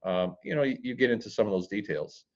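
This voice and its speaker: In a dull lo-fi recording, a man with a mid-range voice and vocal fry speaks animatedly at a quick pace. He's a guest in a podcast interview on real estate, talking bluntly and plainly with dry wit and the odd crude word.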